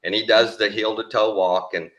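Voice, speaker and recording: A middle-aged man with a Texan accent telling a story in a casual, animated drawl, swearing freely. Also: lowish voice, moderate pace. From Texas.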